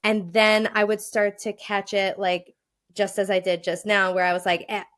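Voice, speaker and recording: A woman hosting a casual chat, with a faint Long Island accent, telling stories in an animated way and laughing easily. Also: medium pitch, normal speed. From Long Island, New York. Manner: animated storyteller, laughs easily, acts out quotes. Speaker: podcast host.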